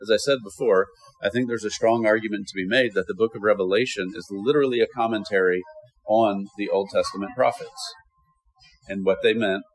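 A man's voice: lowish voice, a little fast, slightly rough, rough recording. A man teaching a Bible lesson to a class, asking questions and answering them himself. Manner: lively questioning, with self-answered rhetorical questions.

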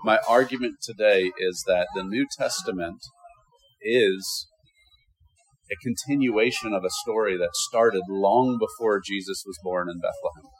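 A man's voice: on the low side, a little slow, soft background music, poor audio. A man teaching a Bible lesson to a class, asking questions and answering them himself. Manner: lively questioning, with self-answered rhetorical questions.

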